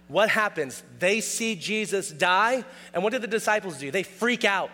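A man preaching a sermon in a casual, animated way, often acting out quoted dialogue with a raised voice. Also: high voice, normal speed, few pauses, in a large hall. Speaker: pastor.

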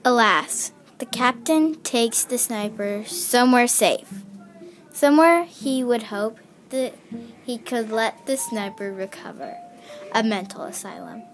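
A woman's voice: fairly high pitch, measured pace. Young woman narrator, story reading with light character shading, music bed underneath. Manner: reads dialogue with small voice changes. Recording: music clearly heard behind.

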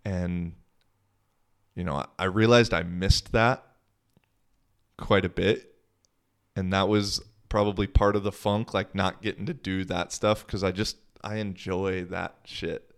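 A man's voice: deep voice, fairly even intonation, measured pace, long pauses, clean tone. A young man hosting his own podcast, talking in a laid-back, slangy, profane way. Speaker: podcast host. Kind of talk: casual solo podcast monologue.

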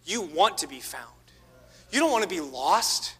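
A man preaching a sermon, swinging between loud exhortation and hushed asides. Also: sits high, big pitch swings, a little slow, husky. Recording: reverberant church hall.

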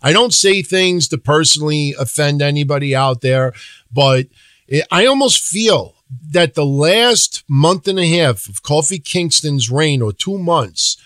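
A man's voice: fairly high pitch, lively intonation, unhurried, fairly bright tone, no echo. A man co-hosting a podcast, giving blunt, opinionated wrestling takes in casual chat, swearing freely and acting out quotes. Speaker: podcast co-host.

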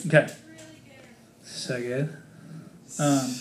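A man's voice: fairly high pitch, normal speed, a little hiss or hum. A man leading a casual Bible study for a small group, reading scripture aloud and explaining it in a chatty, joking way with many fillers.

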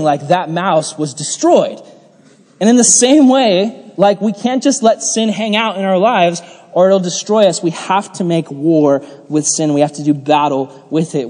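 A man's voice: sits high, a little mellow, in a large hall. A young man giving a casual youth sermon, jokey and chatty, full of "like" and laughs. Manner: chatty, jokey, lots of "like", laughs while telling stories. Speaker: youth pastor.

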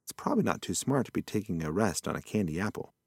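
A man's voice: mid-range voice, wildly swooping pitch, normal speed, darkish tone, no echo, clean studio sound, voice pushed up. A man voicing a forgetful old male possum who rambles in a folksy, muddled way. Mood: rambling.

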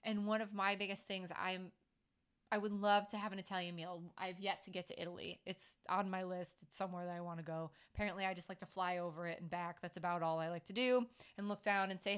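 A middle-aged woman hosts a relaxed chat. She tells stories in a playful, chatty way and acts out the lines of the people she quotes. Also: lowish voice, fast, clean tone. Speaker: podcast host. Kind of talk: casual chat.

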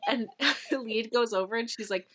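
A woman's voice: on the high side, normal speed, fairly bright tone, slight background noise. A woman co-hosting a book podcast, retelling scenes casually and animatedly with lots of fillers. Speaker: podcast co-host.

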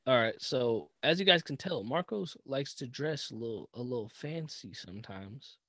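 A man hosting a podcast who tells stories in casual chat, animated and profane, often laughing. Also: medium pitch, moderate pace, dry recording. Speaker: podcast host.

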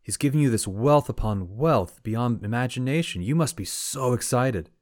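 A man voicing a crowd of excitable, melodramatic villagers in an exaggerated, gushing way. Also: lowish voice, normal speed, no echo, studio quality, natural voice.

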